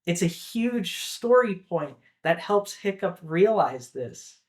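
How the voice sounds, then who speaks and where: A man's voice: high-pitched, big pitch swings, takes it slowly. A young man co-hosting a casual film discussion, talking enthusiastically and rambling with lots of filler words. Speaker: podcast co-host.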